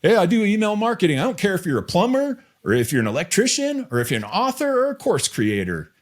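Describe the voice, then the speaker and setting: A man putting on a high, squealy, fast-talking impression of his co-host, drawling carelessly. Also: wildly swooping pitch, a bit bright, full character voice. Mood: mocking.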